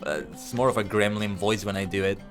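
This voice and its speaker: A man's voice: lowish voice, brisk, soft background music. A man streaming a game, chatting casually in a rambling way and tripping over his words. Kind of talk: casual gameplay commentary.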